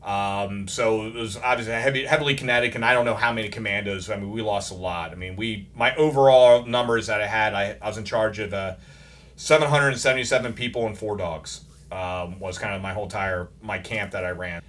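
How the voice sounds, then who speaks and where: A man's voice: lowish voice, brisk, fairly bright tone. A man in his thirties, a combat veteran from the United States, telling war stories in a plainspoken way with dry humor, acting out the dialogue. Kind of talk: interview storytelling.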